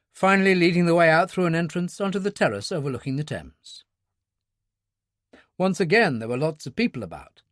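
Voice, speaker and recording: Lively male audiobook narrator. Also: fairly high pitch, no room sound, studio quality. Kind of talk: scripted narration.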